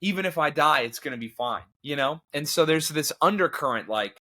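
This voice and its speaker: A man with a slightly higher-than-average voice talks in an earnest, rambling way, often restarting his sentences. He sounds emotional and open, with brief laughs breaking in. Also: animated, a little fast, hardly any pauses, sharp tone. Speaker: comedian and podcast guest. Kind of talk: candid conversational talk.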